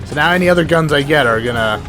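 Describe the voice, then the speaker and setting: A fairly high-voiced man narrates his gameplay in a loose, excitable ramble. He keeps interrupting himself, jumps between thoughts and drops casual swears as things happen on screen. Game music plays clearly behind him. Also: quick pace. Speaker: let's play host. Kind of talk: gameplay commentary. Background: game music and sound effects.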